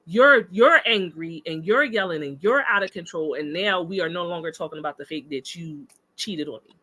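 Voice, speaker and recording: A woman on a podcast, telling stories in a lively, emphatic way in casual chat. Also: fairly low pitch, normal speed, low-quality recording. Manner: animated, emphatic storytelling. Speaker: podcast guest discussing relationships.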